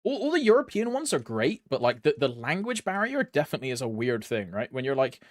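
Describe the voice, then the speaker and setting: A man's voice: mid-range voice, huge pitch swings, quick pace, dry recording, studio quality. A young man streaming a game, chatting casually in a rambling way, laughing often and calling his viewers bro. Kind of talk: casual chat while gaming.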